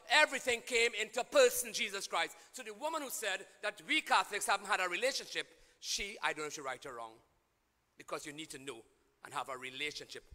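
High-voiced priest preaching in echoing church. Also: male voice. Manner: call-and-response preaching, swings from quiet to shouting. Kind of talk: sermon.

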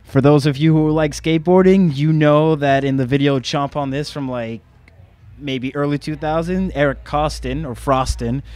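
A man's voice: on the high side, fairly even intonation, normal speed, a little mellow, no room sound. A young man talking bluntly and cheekily about records, swearing freely. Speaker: shop visitor sharing records. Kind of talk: casual chat. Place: record shop in a venue.

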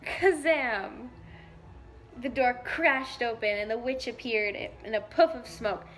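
A woman volunteer reading a picture book aloud to young children, slow, gentle and clear. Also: a little high, a little hiss or hum. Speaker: volunteer story reader. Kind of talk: children's story read-aloud.

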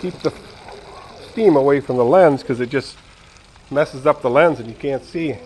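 A man's voice: medium pitch, moderate pace, a little mellow, slight background noise, poor audio. A retired man in his sixties chatting casually and rambling to viewers while he cooks in his home kitchen. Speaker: vlogger. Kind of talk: casual home cooking vlog.

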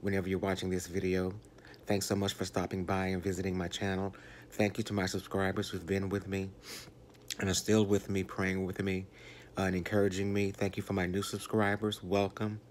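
A man in his sixties with a Southern US accent, talking slowly and reflectively to his channel viewers with many fillers and restarts. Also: low-pitched, monotone, a little hiss or hum. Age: 60s. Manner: slow, rambling, with fillers and restarts. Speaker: vlogger. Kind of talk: reflective talk to camera.

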